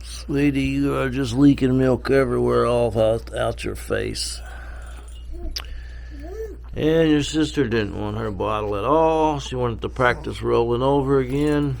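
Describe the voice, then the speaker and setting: A man, a stay-at-home father, talking to his babies in a casual home vlog. He coaxes them in baby talk, then turns quiet and reflective with the camera. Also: mid-range voice, a little slow, vocal fry.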